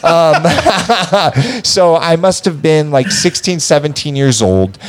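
A man telling a wild story in a casual, loose chat, swearing freely and getting animated. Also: a little high, slow.

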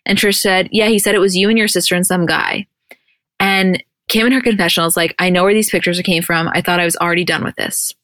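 A woman's voice: on the low side, fairly even intonation, fast, a bit bright, no room sound. A woman co-hosting a podcast, casually recapping TV scenes and acting out the dialogue as she goes. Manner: chatty, retells scenes with quoted dialogue. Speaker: podcast co-host.

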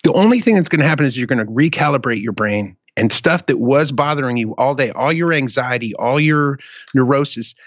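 A man hosting a casual talk show, telling a profane, animated story in a rant. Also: medium pitch, a little fast, no room sound, highs cut off. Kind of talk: casual chat.

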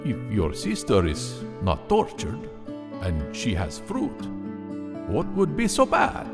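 A man's voice: on the low side, wildly swooping pitch, slow pace, in a large hall, over music, voice pushed up, heavily acted. A man voicing a friendly, enthusiastic male fruit bat who speaks with formal, old-fashioned courtesy, in a storybook reading. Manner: formal old-fashioned phrasing, gently curious. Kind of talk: audiobook character voice.

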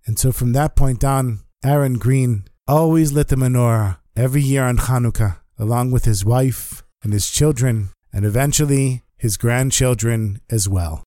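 A man narrates a story with animated delivery, slipping into the voices of the people in it. His voice is mid-pitched and sits close and dry. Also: moderate pace, hardly any pauses, no room sound. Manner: animated, acts out quoted speech.

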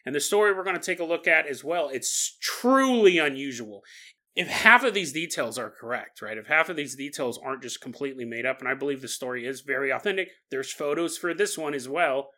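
A man's voice: fairly high pitch, expressive, a little fast, pushed and bright. A man hosting a podcast, telling a strange story in a casual, jokey way and laughing often. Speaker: podcast host.

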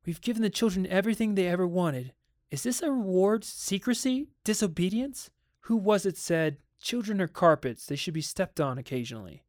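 A man gives voice to a worried father in a spoken storybook. He sounds stern and exasperated, and his outbursts turn sharp. The voice sits a little high, with a close, dry sound. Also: lively intonation, moderate pace, no room sound. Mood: uneasy. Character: anxious wealthy father, stern and uneasy. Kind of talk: dramatic audiobook reading.

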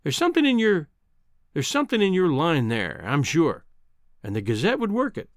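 A man voicing a brisk older male newspaper news editor, dry and clipped with a teasing edge. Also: fairly high pitch, huge pitch swings, no echo. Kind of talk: audiobook character reading.

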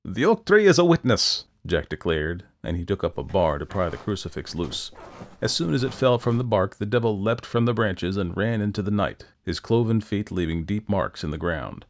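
Male folktale narrator, somewhat low, steady and expressive. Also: normal speed. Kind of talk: storytelling narration.

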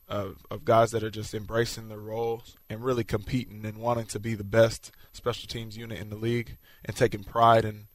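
A man, a pro football player, answering interview questions in a relaxed, modest way. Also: lowish voice, a little fast, few pauses, no room sound. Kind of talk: post-practice interview.

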